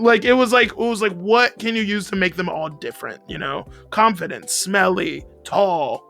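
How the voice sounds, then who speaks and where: A man's voice: high voice, moderate pace, gravelly, hardly any pauses, sharp tone, soft background music. A man co-hosting a casual chat, agreeable and self-deprecating, laughing easily as he shares game-running tips. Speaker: podcast co-host and game master.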